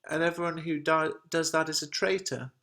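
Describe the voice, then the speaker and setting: A man voicing a cheeky, quick-witted young boy as he reads a play translation aloud, raising his pitch into a childlike register. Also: fairly even intonation, sharp tone.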